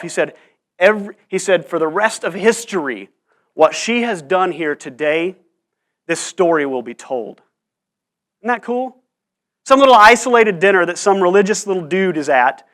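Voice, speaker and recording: A pastor giving a conversational sermon in church, often restarting and repeating words. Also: male voice, high voice, fairly bright tone.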